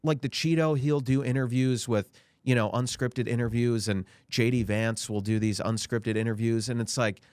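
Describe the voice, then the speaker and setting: A man of ordinary pitch co-hosting a podcast, trading sarcastic political banter. He plays mock outrage and often jumps into high, squealing mocking voices. The sound is close and dry, with no room around it. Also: fairly even intonation, normal speed, a little mellow, clean tone, no room sound. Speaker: podcast co-host.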